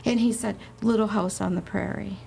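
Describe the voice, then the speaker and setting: A woman casually telling a ghost story on a podcast, animated and laughing, acting out the quotes. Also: mid-range voice, normal speed, creaky, slight background noise. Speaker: guest, haunted inn representative.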